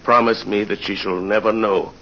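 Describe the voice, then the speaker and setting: An actor playing a tormented aging ex-convict father in an old-time radio drama, speaking in a somber, halting way. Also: fairly low pitch, fairly even intonation, pushed and bright, lo-fi sound, a little hiss or hum. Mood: grave.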